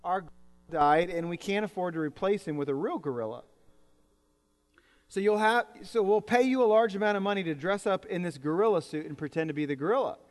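A man's voice: sits high, expressive, a little fast. A man preaching a sermon in a church, talking to the congregation in a conversational way with jokes and repeated words. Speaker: pastor. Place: church sanctuary. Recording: reverberant hall.

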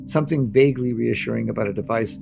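A man reading a novel aloud as narrator, in a steady, dramatic audiobook delivery. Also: mid-range voice, quick pace, gravelly. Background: music.

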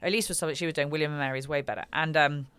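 A young English woman with an English accent chatting as a podcast guest, telling animated stories and laughing through them. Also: deep voice, very fast, smooth, no room sound. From England. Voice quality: animated storyteller, laughs through her anecdotes. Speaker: guest comedian. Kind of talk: casual podcast chat.

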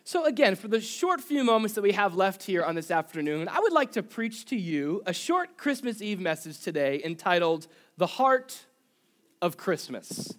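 A man's voice: high voice, very animated, normal speed, fairly bright tone. A man preaching a sermon as pastor, conversational, with humorous asides and rhetorical questions. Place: church service.

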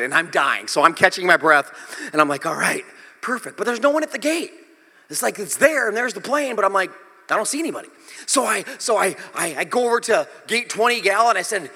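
Animated pastor telling a story in a hall. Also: male voice, high voice, brisk. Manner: animated, dramatic storytelling with acted-out dialogue. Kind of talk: storytelling sermon.

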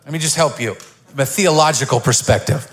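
A man's voice: medium pitch, a little fast. A middle-aged man preaching a sermon as pastor in a church, joking and telling stories before building to fervent preaching. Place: church stage.

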